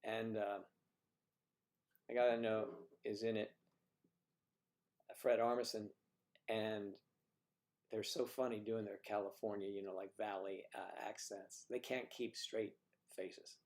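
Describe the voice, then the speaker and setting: A man's voice: lowish voice, level tone, slow, long pauses, a little mellow. A man hosting a livestream, chatting casually and joking in rambling asides as he reacts to viewer comments. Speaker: livestream host.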